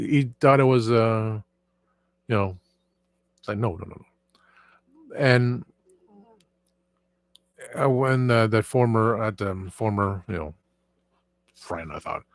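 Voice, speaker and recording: A man chats casually on his live stream, rambling along with plenty of fillers and restarts as he answers his viewers. His voice sits in an ordinary middle pitch. The sound is dry and close, with no room echo. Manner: reads and answers viewer chat. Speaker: livestream host.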